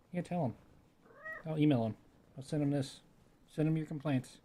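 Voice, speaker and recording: A man's voice: fairly high pitch, animated, a little slow, pauses often, dark tone, slight background noise. A man at home chatting to his cat by a desk microphone, coaxing and cooing at her in casual pet talk with offhand mutters. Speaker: streamer talking to his cat.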